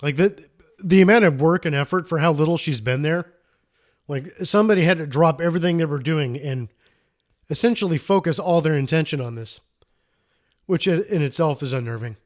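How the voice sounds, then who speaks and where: Fairly high-pitched and brisk, a man co-hosting a casual podcast chats about movies he's reviewing. His talk is enthusiastic and rambling, with sentences he keeps restarting.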